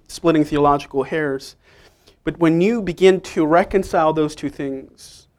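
A male pastor preaching a sermon, emphatic and playful, swinging from quiet asides to loud stresses. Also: on the high side.

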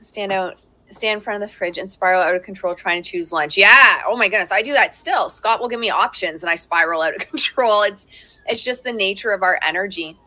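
A parenting coach in her thirties hosts a live workshop from home with young children around, speaking a little fast in a pushed, bright, mid-range voice. Her talk is chatty and full of laughter, and she breaks off now and then to speak to her kids.

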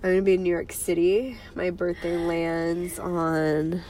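A woman's voice: lowish voice, flat delivery, unhurried, a crowd in the background. A woman in her early twenties co-hosting a podcast, chatting casually and telling rambling stories while fighting off a cold. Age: 20s. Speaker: podcast co-host. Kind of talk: casual chat.

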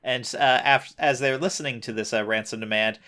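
A man's voice: mid-range voice, steady tone, brisk, bright, forceful tone. A young man co-hosting a casual show recap, dropping lots of uh fillers and teasing his co-host. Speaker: podcast co-host.

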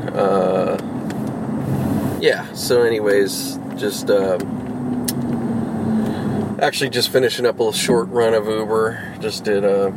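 A man's voice: lowish voice, steady tone, takes it slowly, pauses often, heavy background noise. A man rambling casually while vlogging from inside his car as a rideshare driver, full of fillers, restarts and swearing. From Los Angeles.

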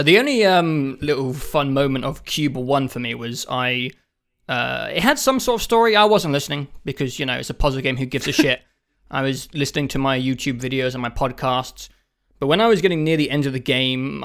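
A man's voice: medium pitch, animated, fairly quick, a bit bright. A man with the sniffles, chatting casually about games on a podcast, swearing freely and laughing through his stories. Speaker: podcast co-host. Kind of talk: casual chat.

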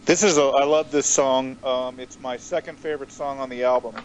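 A man co-hosting a casual podcast, speaking hesitantly and filling pauses with uh and um. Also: medium pitch, steady tone, muffled recording, slight background noise. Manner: hesitant, lots of uh and um. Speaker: podcast co-host.

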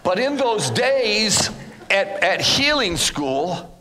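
A man preaching as a guest minister in church, animated and acting out dialogue as he tells stories. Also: high-pitched, takes it slowly, big-room sound, slight background noise. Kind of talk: sermon with storytelling. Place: church in front of a congregation.

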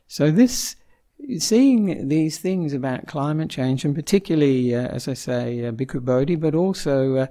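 Man, Buddhist monk, Dhamma talk, conversational, mellow tone, gravelly. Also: on the high side. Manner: conversational, asks the audience questions, chuckles often. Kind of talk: informal Dhamma talk to an audience. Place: Melbourne.

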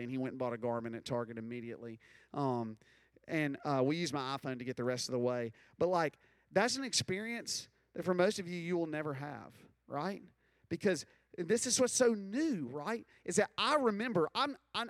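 A man's voice: a little high, no room sound. A man in his thirties giving a casual, joking talk to a room of students, full of likes and ums. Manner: conversational, joking, lots of "like" and "um". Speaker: speaker addressing students. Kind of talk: casual talk to a live audience.

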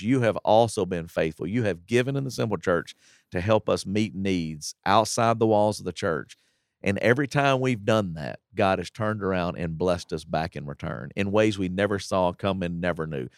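Pastor guy, 50s, low voice, earnest storytelling, dry close mic. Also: no room sound. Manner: earnest testimony, acts out quotes. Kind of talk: church podcast storytelling.

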